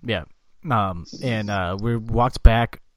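A young man co-hosting a podcast, telling loose, profane stories in casual chat and loudly acting out what people said. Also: on the low side, slow pace, no echo. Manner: swearing storyteller, acts out quotes loudly. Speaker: podcast co-host.

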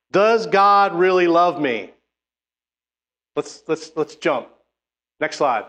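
Emphatic man preaching, slightly high voice. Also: expressive, extremely slow, pauses often, fairly bright tone. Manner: emphatic, exhorting, with frequent restarts. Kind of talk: sermon with scripture reading.

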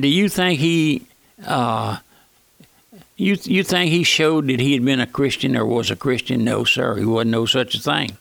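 Older man, radio sermon, folksy, raspy fry in the voice, dry close sound. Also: mid-range voice, a bit bright, dry recording. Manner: folksy, keeps calling the listener "my friend". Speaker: radio preacher.

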